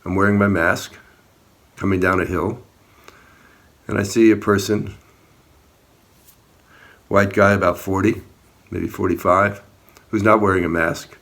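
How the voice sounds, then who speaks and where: A man's voice: low-pitched, steady tone, unhurried, creaky, pauses often, a bit bright. A man giving an earnest personal account in a video, talking about an encounter outdoors, speaking plainly and sometimes heatedly. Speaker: activist recounting an encounter.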